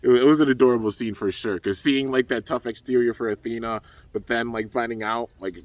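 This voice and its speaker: A man's voice: medium pitch, steady tone, a little fast, dry recording, recorded from a distance. A young man casually recapping a cartoon episode for his channel, rambling with lots of fillers. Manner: laid-back, rambling, full of fillers. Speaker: YouTube reviewer.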